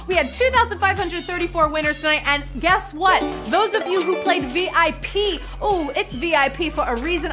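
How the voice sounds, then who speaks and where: A woman's voice: very high-pitched, normal speed, few pauses, music in the background. A woman hosting a live trivia game show, bubbly and playful, reading questions and hyping up the players.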